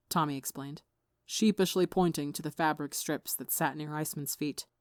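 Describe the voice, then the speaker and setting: Low-voiced woman narrating a story. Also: fairly even intonation, normal speed, few pauses, no echo, studio quality. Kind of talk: audiobook reading of fan fiction.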